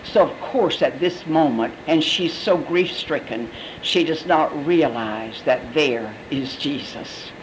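A Bible teacher explains scripture in a conversational, expressive sermon style at a mid pitch. Faint background noise runs under the voice. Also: slow, few pauses. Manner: conversational, expressive, acts out quotes. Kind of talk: sermon commentary.

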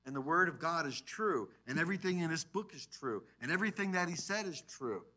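A man preaching a sermon as pastor in a church, animated, swinging between loud emphasis and quiet asides. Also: fairly high pitch, brisk. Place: church sanctuary.

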